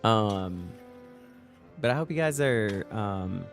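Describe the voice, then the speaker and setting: A man's voice: fairly low pitch, expressive, slow, soft background music. A young man streaming casually, rambling playfully and answering chat as he talks about a game. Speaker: livestream guest streamer.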